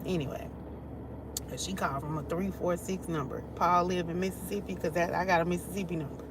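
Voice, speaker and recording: A woman with a lowish voice runs a casual tarot reading, chatting loosely and breaking into laughs as she talks. Traffic noise hums clearly behind her the whole time. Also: steady tone, fairly quick. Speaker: tarot reader.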